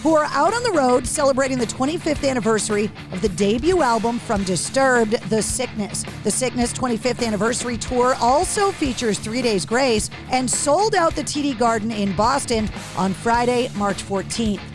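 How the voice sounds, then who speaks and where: A woman's voice: fairly high pitch, lively intonation, moderate pace, hardly any pauses, music in the background. A middle-aged woman hosting a podcast interview from her radio studio, chatty and sentimental. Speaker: podcast host.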